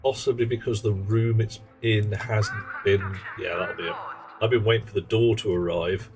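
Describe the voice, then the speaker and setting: A man's voice: fairly low pitch, fairly even intonation, normal speed, soft background music, rough recording. A man giving casual, rambling commentary while streaming a game, wry and full of playful asides. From England. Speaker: livestreamer.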